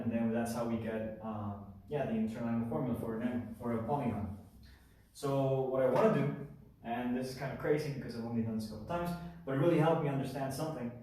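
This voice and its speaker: A man's voice: mid-range voice, dark tone. A man explaining geometry to viewers in a casual, thinking-aloud way, often correcting himself as he goes. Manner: thinking aloud, self-correcting, informal asides. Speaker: math video teacher. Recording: echoey room, mic far off.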